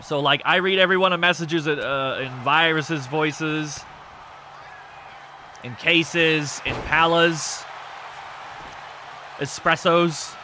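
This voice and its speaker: Male streamer host, high bright voice, lively pitch, excitable and joking, swears a lot. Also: slow pace, long pauses, slight background noise. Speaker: streamer hosting a wrestling show. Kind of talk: casual live-stream chat with viewers.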